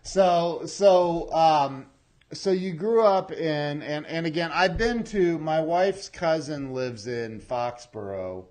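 A man hosting a podcast interview, asking questions in a halting, repetitive way with many fillers. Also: on the high side, lively intonation, darkish tone. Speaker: podcast host. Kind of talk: casual interview chat.

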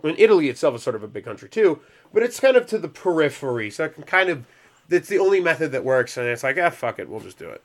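A man's voice: a little high, sing-song, quick pace. A man hosting a casual comedic chat podcast who swears freely and keeps slipping into goofy voices while retelling history. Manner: swearing, laughing, slips into goofy put-on voices. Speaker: podcast host presenting history.

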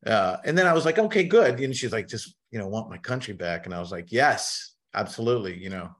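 A middle-aged man, a musician guest on a podcast, telling wry, animated anecdotes and acting out what people said to him. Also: fairly low pitch, fairly quick. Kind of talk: casual storytelling in a podcast interview.

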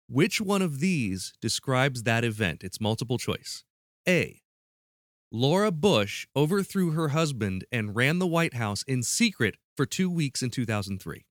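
Man, podcast host, playful quizmaster, mid pitch, dry studio sound. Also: a bit bright, no echo. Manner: playful, restarts mid-sentence. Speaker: podcast host running a quiz. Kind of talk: casual podcast chat.

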